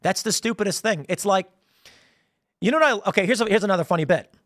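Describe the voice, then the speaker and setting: An American man with a high-pitched voice hosts a casual political commentary monologue. He rambles through animated stories, restarting sentences and laughing as he goes. The sound is dry and close, with no room echo. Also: fast. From United States. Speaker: political commentary show host.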